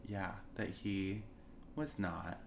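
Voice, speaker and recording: A man's voice: deep voice, takes it slowly, gravelly, slight background noise. A young man from the United States telling a rambling, self-deprecating story as a guest in a casual podcast chat.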